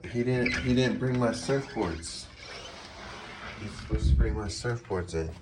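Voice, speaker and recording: A man's voice: mid-range voice, measured pace, heavy background noise. A man rambling through a casual, half-improvised monologue, drifting from one fanciful idea to the next and swearing mildly now and then. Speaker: vlogger.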